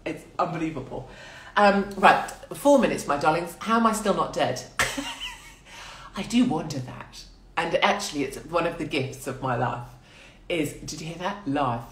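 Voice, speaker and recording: A woman's voice: sits low, animated, moderate pace, reverberant, slight background noise. A woman in her forties hosting a casual livestream chat from a small quarantine room. She is crude and irreverent, and she rambles and laughs a lot. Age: 40s. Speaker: livestream host.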